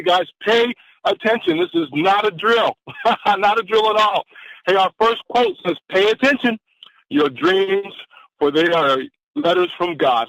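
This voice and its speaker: A man with a somewhat high, gravelly voice delivers an energetic motivational pep talk, calling out and repeating his key phrase. He comes through a dull, muffled phone line with no room sound at all. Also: no echo. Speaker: caller. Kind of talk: motivational speech on a conference call.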